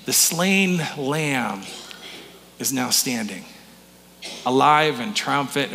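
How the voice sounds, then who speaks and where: Man, pastor, conversational sermon, repeats words, questions to congregation, bright tone, reverberant church hall. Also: mid-range voice, animated, slow pace, gravelly, pauses often, a little hiss or hum. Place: church sanctuary.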